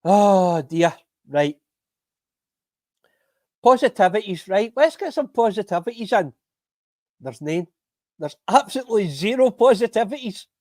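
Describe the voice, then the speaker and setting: A man's voice: fairly high pitch, darkish tone, no room sound. A Scottish man hosting a football fan podcast live stream, ranting angrily with lots of swearing and bitter laughs.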